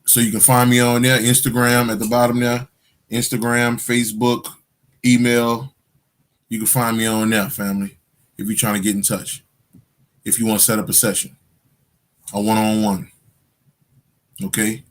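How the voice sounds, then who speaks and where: A man working as a spiritual guide, giving a casual livestream talk to his viewers in an animated, profane storytelling manner with frequent laughter. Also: fairly low pitch, moderate pace, long pauses.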